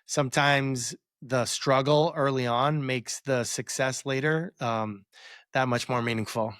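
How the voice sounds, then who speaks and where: A man in his forties talks through a personal memory, circling back with fillers and restarts. His voice sits in a middle pitch. The recording is close and dry. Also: steady tone, measured pace, a bit bright, dry recording. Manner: rambling, many fillers and restarts. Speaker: guest, former quarterback. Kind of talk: reflective storytelling interview.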